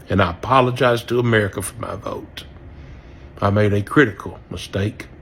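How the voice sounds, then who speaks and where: A man from near Memphis, ranting angrily and profanely, his voice swinging between loud outbursts and low mutters. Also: slightly rough. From Southern US, near Memphis. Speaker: regretful voter. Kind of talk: angry direct-to-camera rant.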